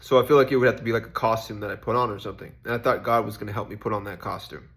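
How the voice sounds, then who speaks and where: A man's voice: on the low side, fairly even intonation, very fast, fairly bright tone. A young man in a casual, reflective faith vlog, rambling and questioning himself with lots of fillers. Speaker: faith vlogger.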